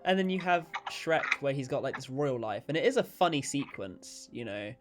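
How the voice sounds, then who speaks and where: A man's voice: medium pitch, lively intonation, moderate pace, music in the background. A young man hosting a podcast, chatting casually about films, swearing and laughing often. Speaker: podcast host.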